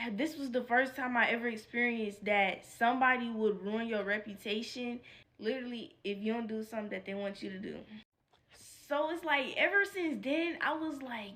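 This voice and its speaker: A woman vlogger telling a casual storytime, animated and profane, with constant "like" fillers. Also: fairly high pitch, a little hiss or hum.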